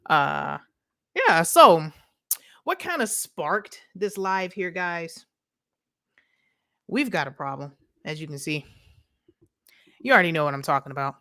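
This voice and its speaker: Woman, low voice, dry close sound, casual live stream chat, greets viewers by name, slangy and upbeat. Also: animated, moderate pace, long pauses, sharp tone, no room sound. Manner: chatty, greets viewers by name, laughs often.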